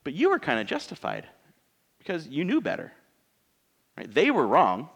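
Animated, higher-voiced male pastor. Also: normal speed, slightly rough. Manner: conversational, joking, asks the congregation rhetorical questions. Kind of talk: sermon. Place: church.

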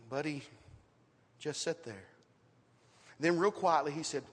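Male preacher, high-pitched and lively, telling church stories, heard in a reverberant sanctuary. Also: normal speed, long pauses. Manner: animated storytelling with scripture quotes. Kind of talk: sermon. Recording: reverberant hall.

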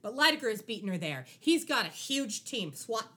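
A young adult woman with a somewhat high voice hosts a casual podcast chat. She recaps a TV episode in a wry, animated way, her pitch leaping around as she talks. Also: normal speed, slightly rough. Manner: animated, wry, acts out lines from the show. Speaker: podcast co-host.

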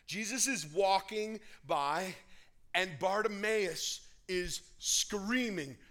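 A man preaching a sermon, dramatic, dropping to near whispers and rising to shouts. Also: high voice, extremely slow. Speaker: pastor.

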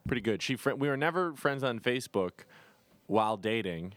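Rambling man, lively pitch, dry sound. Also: brisk, no echo. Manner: rambling, restarts sentences often. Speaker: podcast co-host. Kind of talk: casual comedy podcast chat.

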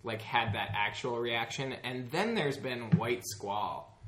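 A man co-hosting a podcast in casual chat, teasing and animated when he tells stories. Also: mid-range voice, takes it slowly, echoey room. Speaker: podcast co-host.

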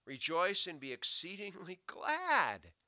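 Guy preaching, goes loud then drops real low, bright voice, dry close mic. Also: wildly swooping pitch, slow, no room sound. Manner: swings from loud emphatic to low quiet asides. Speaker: pastor. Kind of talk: sermon.

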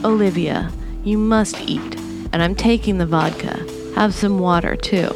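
A woman reading aloud as a young female roommate who gently urges her grieving friend. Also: mid-range voice, measured pace, gravelly, over music. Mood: gently firm. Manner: gentle, urging.

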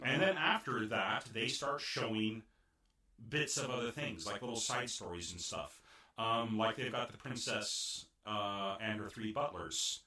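A man's voice: medium pitch, sharp tone. A young man casually and animatedly recapping an anime episode, laughing and telling it like a story. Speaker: podcast co-host. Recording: roomy echo, far from mic.

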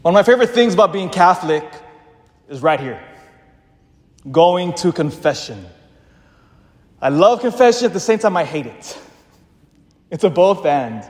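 A man, a parish priest, giving an emphatic, storytelling sermon that slows down for emphasis. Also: sits high, sing-song. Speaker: pastor. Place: church. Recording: long church reverb.

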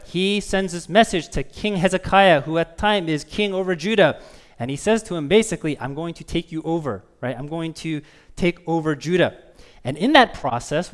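A man preaching a sermon as pastor, talking conversationally with the congregation and asking them questions, and reading scripture slowly with emphasis. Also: on the high side, fairly bright tone. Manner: conversational, asks the listeners questions.

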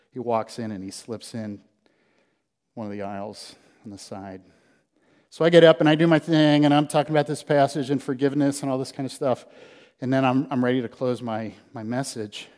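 A man preaching a sermon as pastor, telling a story in an animated way, with loud bursts that drop to hushed low lines. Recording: long hall reverb.

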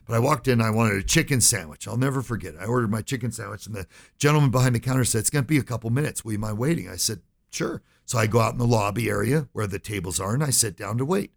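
A man's voice: lowish voice, fast, vocal fry. A middle-aged man, a financial advisor, telling a story in an interview and acting out the voices he quotes.

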